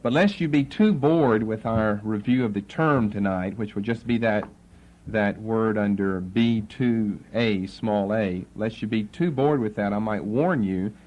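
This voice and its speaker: Lower-voiced man teaching a Bible lesson. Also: a little mellow. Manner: conversational with playful asides. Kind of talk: evening Bible lesson to a live audience.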